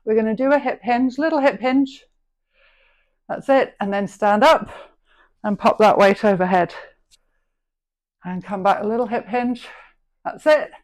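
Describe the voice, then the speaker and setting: A woman's voice: on the high side, a little slow, long pauses, a little mellow. A middle-aged woman coaches an online dumbbell workout, calling out reps and form tips in an encouraging voice. She keeps a practical, friendly instructor's manner as she talks people through each move. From England. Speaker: fitness instructor.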